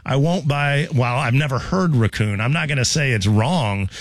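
A man's voice: mid-range voice, expressive, normal speed, no room sound. A man hosting a morning radio show, chatting casually and playfully, with a self-mocking manner.

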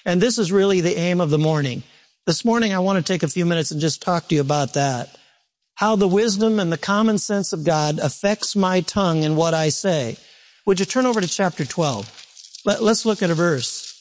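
High-voiced pastor preaching. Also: male voice, moderate pace. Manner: conversational and self-deprecating, with repeated restarts. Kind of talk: sermon.

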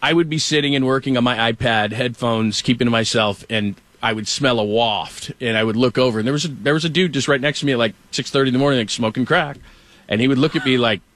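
A man's voice: mid-range voice, fast talker, fairly bright tone, no room sound. A middle-aged man hosting casual sports talk, rambling through stories and acting out quotes as he goes. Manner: rambling storyteller, acts out quotes. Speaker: sports radio host.

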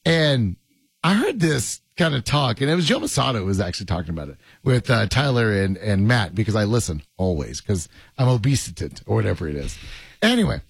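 Gravelly, lively joking radio host man. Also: on the low side, a little fast, no echo. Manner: joking, rambling, laughs often. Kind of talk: casual sports radio banter.

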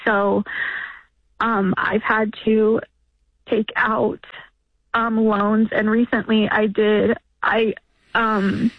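A woman in her thirties calling a radio show, hesitant and halting, close to tears. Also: mid-range voice, level tone, dry recording. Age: 30s. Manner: hesitant, halting, many fillers. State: emotional, near tears. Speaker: caller. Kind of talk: phone call to radio show. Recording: tinny phone line.

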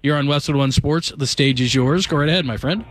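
A man's voice: on the high side, a little fast, fairly bright tone, dry recording, studio quality. A man hosting a late-night sports call-in radio show, chatting loosely with many "uh" fillers and easy laughs.

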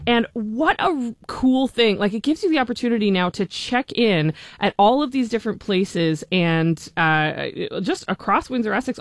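A woman's voice: mid-range voice, expressive, moderate pace, hardly any pauses, no room sound, clean studio sound. A woman hosting a radio interview, chatty and enthusiastic, often restarting her sentences. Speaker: radio host.

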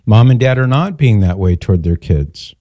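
Dark-voiced older male radio host. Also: fairly low pitch, lively intonation, normal speed, dry recording. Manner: emphatic, lecturing, quotes others in mock voices. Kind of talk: call-in radio talk.

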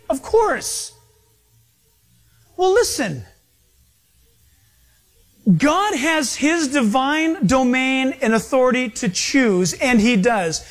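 A man's voice: extremely high pitch, lively intonation, slow pace, long pauses. A man preaching a sermon in a church, emphatic and speaking straight to his congregation. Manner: emphatic, addresses congregation directly.

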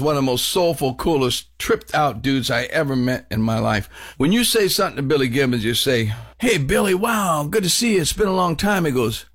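A man's voice: medium pitch, fairly bright tone. A man hosting a rock countdown on the radio, chatting casually and rambling through stories. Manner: rambling, storytelling, playful.

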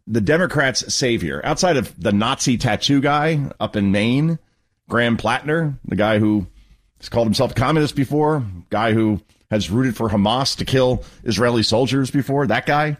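A man hosting a talk radio show, delivering sarcastic, mocking political commentary. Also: normal speed. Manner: sarcastic, mocking, lively pitch swings.

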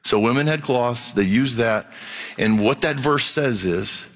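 A middle-aged man preaching a sermon as pastor, animated and dramatic, jumping up in pitch for emphasis. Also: unhurried.

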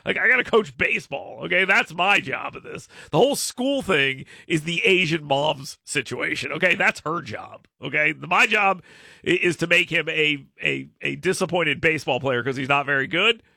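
Gravelly, bright-voiced man telling rambling stories. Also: on the high side, expressive, moderate pace, no echo, clean studio sound. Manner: rambling, self-mocking storyteller. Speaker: radio show host. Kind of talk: casual chat with co-hosts.

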